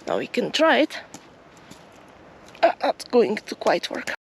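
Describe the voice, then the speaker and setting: Soft-spoken woman rambling outdoors. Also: on the high side, very animated, slow pace, vocal fry, husky, no room sound. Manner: soft, musing, slightly hesitant. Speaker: vlogger. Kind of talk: casual outdoor vlog narration. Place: outdoors in a field near a forest.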